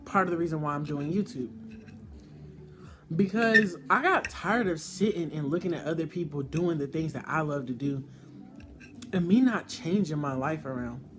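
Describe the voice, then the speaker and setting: A man's voice: on the high side, normal speed, music in the background. Earnest young man, heartfelt vlog talk. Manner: earnest, heartfelt, swears freely. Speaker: YouTuber. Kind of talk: emotional personal vlog monologue.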